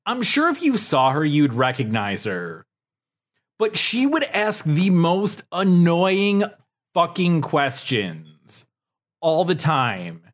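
A man's voice: on the high side, very animated, slow pace. A young man co-hosting a casual chat podcast, telling a story in a rambling way with many fillers and swears. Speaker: podcast co-host.

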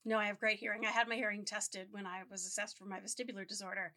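A woman co-hosting a casual podcast conversation, excitable and quick, explaining ideas with enthusiasm. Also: medium pitch. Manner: excitable, fast, loud-leaning. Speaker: podcast co-host.

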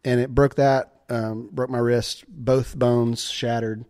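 Animated storytelling man, dry close sound. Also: takes it slowly, no echo. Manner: animated, laughs often, acts out quoted voices in high pitch. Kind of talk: casual storytelling chat.

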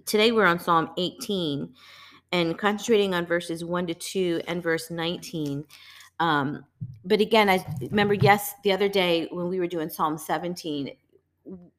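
Woman, devotional host, earnest casual talk, lowish voice. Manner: earnest, emphatic, repeats phrases.

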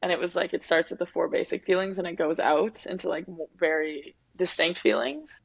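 Woman, twenties, candid interview guest, gravelly fry, flat dead-dry lo-fi sound. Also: on the low side, brisk, dry recording. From Winnipeg, Canada. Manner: reflective, open, heavy use of "like" and "um". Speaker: guest athlete. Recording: dull, dry lo-fi recording.

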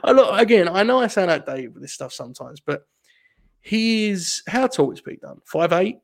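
A man from England talks in a casual podcast chat, his voice slightly high with a gravelly edge. He rants in an animated, profane, joking way. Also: moderate pace. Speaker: podcast co-host.

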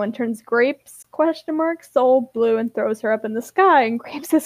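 A woman's voice: a little high, normal speed, hardly any pauses, a little mellow, no room sound. A woman co-hosting a podcast, reading a roleplay aloud in a tired, amused way, laughing often. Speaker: podcast co-host.

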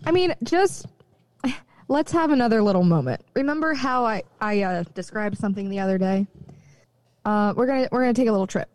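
Woman co-host, casual chatty, laughs a lot, mellow dry voice. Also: mid-range voice, a little fast, no room sound. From rural area. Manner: chatty, laughs often, animated. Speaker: podcast co-host. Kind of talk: casual chat.

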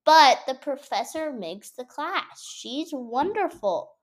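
At home, a young woman in college vlogs to the camera in a slow, high-sitting voice. She chats casually and animatedly, telling stories stuffed with fillers.

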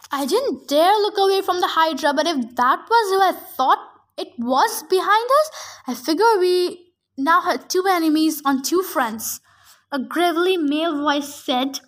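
A woman reading a novel chapter aloud for her podcast, eager and a little halting with restarts. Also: extremely high pitch, expressive, a bit bright.

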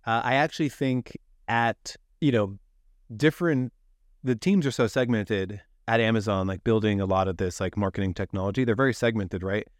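Casting: easygoing male podcast host, lower voice, dry sound. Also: no room sound. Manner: quick, relaxed, chatty, heavy use of "like". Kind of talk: casual conversational interview.

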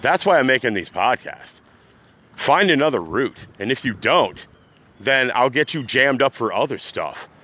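A man hosting his own podcast, ranting unscripted, agitated and rambling, swinging between loud outbursts and low mutters. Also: very animated, a little slow. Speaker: podcast host. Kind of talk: unscripted rant.

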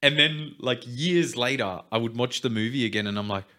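A young man on a podcast, telling a childhood story in a laid-back, chatty way that turns quiet when the story gets serious. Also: medium pitch, normal speed. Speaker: podcast co-host. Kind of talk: casual podcast chat.

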